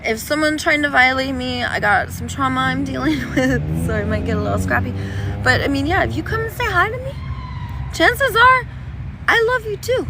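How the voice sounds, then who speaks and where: A woman's voice: high voice, very animated, normal speed, music in the background. A woman chatting on a casual livestream outdoors, reading chat in a playful, doting, sing-song way. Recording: noisy outdoor street recording. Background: traffic noise.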